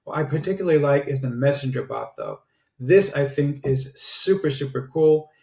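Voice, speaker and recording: A man giving a casual product review and sales pitch, chatty and sprinkled with filler "uh"s. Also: moderate pace, creaky, warm tone. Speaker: online marketer reviewing software. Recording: roomy echo.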